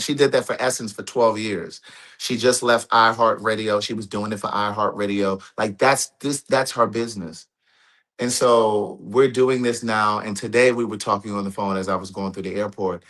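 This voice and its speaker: A man's voice: medium pitch, a bit bright. A man chatting casually with his live-stream audience, telling a long personal story and quoting a friend's words. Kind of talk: casual chat.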